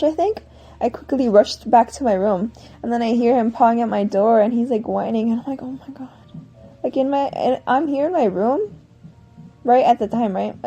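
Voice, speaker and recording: A woman vlogger talks in a fairly high, mellow voice, winding through a personal story at her own loose pace. She rambles, backtracks and corrects herself mid-sentence in a casual, chatty way. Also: husky.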